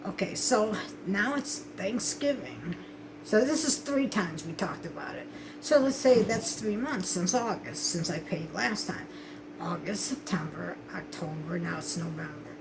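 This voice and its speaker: A woman's voice: on the low side, expressive, measured pace, background noise. An older woman vlogging casually to camera, tearful and upset, telling a rambling story full of swearing.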